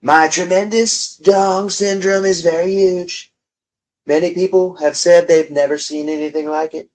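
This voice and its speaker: A man doing an impression of a boastful older male politician, raising his pitch and stretching his words. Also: fairly even intonation, a little mellow. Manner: bragging, drawn-out emphasis.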